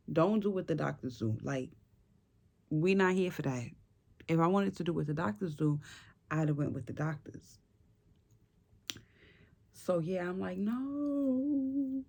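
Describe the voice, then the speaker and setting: A young woman telling a personal story in a casual, animated and chatty way, full of slang and fillers. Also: deep voice, vocal fry. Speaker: vlogger.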